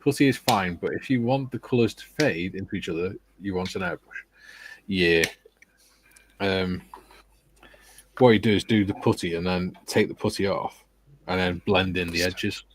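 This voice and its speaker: A man's voice: low voice, moderate pace, pauses often, background noise. A man co-hosting a casual model-building livestream, reading out viewer comments and joking. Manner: reads chat comments aloud, jokey. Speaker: livestream co-host.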